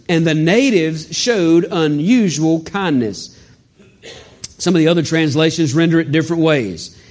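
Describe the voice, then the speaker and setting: A man preaching a sermon in a folksy, animated way with joking asides. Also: fairly high pitch. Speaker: pastor.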